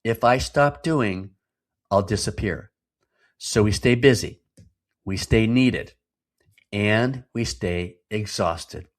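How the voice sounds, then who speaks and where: Hosting a devotional podcast, a man in his fifties teaches earnestly and emphatically, posing rhetorical questions to the listener. His fairly low voice takes things slowly, with frequent pauses.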